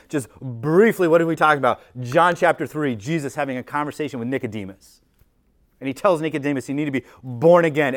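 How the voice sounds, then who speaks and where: A man preaching in a conversational way, asking the congregation many rhetorical questions and often repeating words as he restarts his sentences. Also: fairly high pitch. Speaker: pastor. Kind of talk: sermon.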